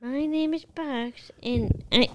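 A woman voicing the hosts' pet dog in a shy, hesitant, soft-spoken way. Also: sits high, fairly even intonation, slow pace, highs cut off, slight background noise.

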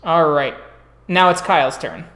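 A man narrating a tabletop horror game as the game master, in a relaxed, descriptive way. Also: on the high side, measured pace, reverberant.

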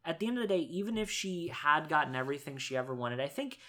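Animated male podcast co-host. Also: fairly high pitch, quick pace. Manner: animated, restarts often, emphatic. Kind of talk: casual chat recapping a cartoon.

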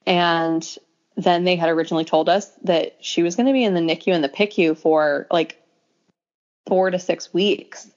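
A young adult woman telling a personal story in casual conversation, acting out quoted lines and laughing often. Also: moderate pace. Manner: animated, acts out quoted lines with pitch jumps, laughs often. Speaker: podcast guest telling a birth story. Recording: dull lo-fi audio.

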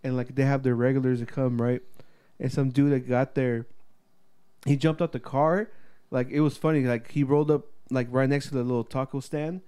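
A man's voice: mid-range voice, steady tone, moderate pace, dark tone, clean tone. A young man chatting casually, telling a story with lots of swearing and acted-out voices. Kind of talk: casual chat.

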